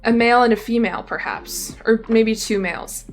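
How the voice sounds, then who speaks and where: A young woman talks casually on a live stream, her voice sitting slightly high. She rambles, piles on fillers and restarts her sentences as she goes. Faint music plays quietly underneath. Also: moderate pace. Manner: rambling, chatty, lots of fillers and self-corrections.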